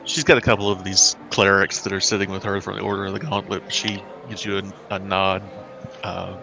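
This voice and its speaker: A man narrating as dungeon master, relaxed and full of fillers. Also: low-pitched, a little fast, creaky, over music. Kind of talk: narrating a tabletop game.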